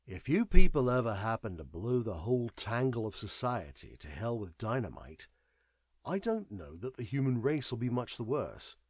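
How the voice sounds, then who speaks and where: A man voicing a detached, knowing man who speaks in a measured, wry way. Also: mid-range voice, very animated, darkish tone, breathy edge, no room sound, studio quality. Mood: wry, weary. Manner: measured, wry, world-weary.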